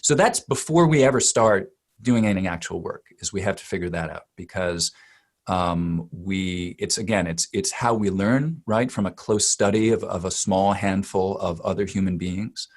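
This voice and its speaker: A man's voice: low voice, moderate pace. A man working as a dialect coach, giving long, emphatic expert answers in an interview and often repeating words as he builds a point.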